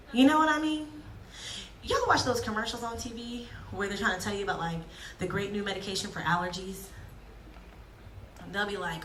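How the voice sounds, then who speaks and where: A woman giving a lively, joking sermon to young people, acting out quotes as she goes. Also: medium pitch, distant mic, slight background noise. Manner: lively, jokey, acts out quotes. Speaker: youth speaker. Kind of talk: youth sermon. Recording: echoey hall, speaker off-mic.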